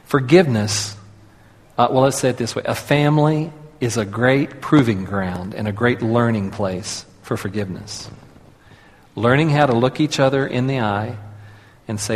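Man, pastor, conversational sermon, mid-pitched voice, long hall reverb. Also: normal speed. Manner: conversational, leads audience in call-and-response.

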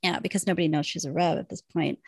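A woman co-hosting a podcast, casually recapping a TV episode, animated and laughing often as she acts out the characters' lines. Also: sits low, quick pace, gravelly, breathy edge, no echo. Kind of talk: casual chat.

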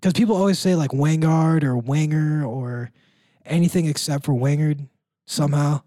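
A young man talks sports in a loose, rambling way, slipping into good-natured rants. His voice sits a bit high for a man. The sound is close and dry. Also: moderate pace, dark tone, no room sound. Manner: chatty, rambling, ranting with a laugh. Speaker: student sports broadcaster. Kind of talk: casual sports chat.

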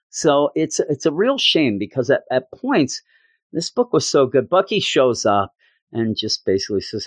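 A man's voice: mid-range voice, dry recording. A man hosting a podcast, chatting casually and jokily as he reviews a comic book. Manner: rambling, jokey, animated retelling. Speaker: podcast host.

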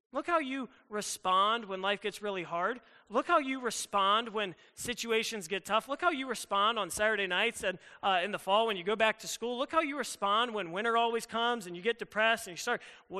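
Young male youth pastor, high and piercing voice, emphatic casual preaching in a reverberant hall. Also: pushed and bright. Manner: emphatic and conversational, acts out inner thoughts. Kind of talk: sermon.

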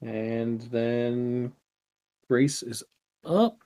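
A man acting as game master, calmly narrating turns and explaining rules of a tabletop game. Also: medium pitch. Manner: measured, explains rules with fillers.

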